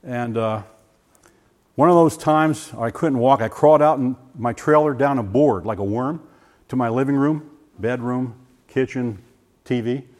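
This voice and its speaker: An older man giving a personal testimony, animated and full of restarts, acting out voices as he tells the story. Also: medium pitch, measured pace. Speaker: former science teacher giving a testimony. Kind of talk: personal testimony talk to a group.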